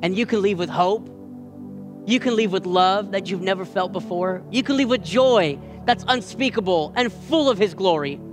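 A man with a high voice preaches to his congregation, animatedly acting out a family story. Quiet music plays faintly behind him. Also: normal speed. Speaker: pastor. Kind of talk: sermon.

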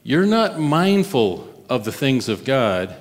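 A man's voice: mid-range voice, very animated, slow pace, big-room sound. A man preaching and voicing a stern teacher firmly rebuking a disciple. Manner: firm and rebuking.

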